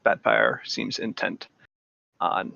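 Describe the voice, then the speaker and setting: A man running a tabletop game with a gravelly, bright-edged voice. He narrates slowly and halts on frequent ums and uhs. The sound is dull and lo-fi, dry and close. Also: low-pitched, sing-song. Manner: halting, with many ums and uhs. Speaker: game master.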